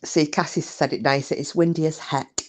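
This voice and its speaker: A woman's voice: low voice, fairly even intonation, moderate pace, darkish tone. A woman hosting a casual live chat, laughing often and swearing casually. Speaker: live stream host. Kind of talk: casual chat reading viewer comments. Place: home, windy day.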